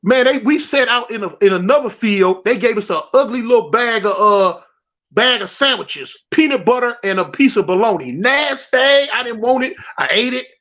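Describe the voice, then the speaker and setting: A man from South Central Los Angeles, appearing as a guest, relates a prison story in slang, restarting phrases and performing quotes. His very high voice is a bit bright with lively intonation and a moderate pace. The recording is dull and lo-fi.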